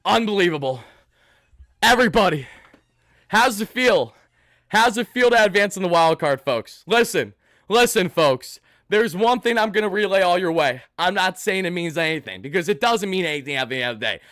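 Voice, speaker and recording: A man's voice: high-pitched, lively intonation, moderate pace, dry recording, studio quality. Hyped young man hosting a fan livestream. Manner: hyped, loud, shouting and thanking donors. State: sweaty and worked up. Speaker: host of a fan live stream. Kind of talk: excited postgame livestream chat.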